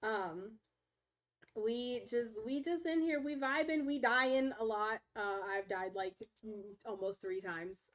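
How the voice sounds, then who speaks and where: High-voiced chatty woman streamer. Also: sharp tone. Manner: chatty, talks baby talk to her dogs. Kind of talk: casual live-stream chat. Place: home.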